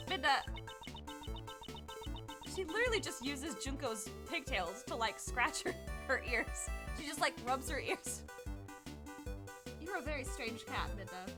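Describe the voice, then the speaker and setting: A woman's voice: high voice, big pitch swings, unhurried, pauses often. A young woman streamer from the American South giving chatty, giggly let's-play commentary over game music.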